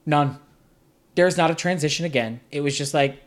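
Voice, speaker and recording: A man's voice: fairly high pitch, moderate pace. Sarcastic male podcast host. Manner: sarcastic, exasperated. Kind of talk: casual film review chat.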